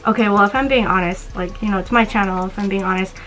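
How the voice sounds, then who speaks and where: A woman's voice: medium pitch, fairly even intonation, fast talker, fairly bright tone, faint music behind, rough recording. A young woman-voiced vlogger in their twenties talks with a slight lisp, rambling along in loose, casual chat. The delivery wanders from point to point with easy swearing thrown in. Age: 20s.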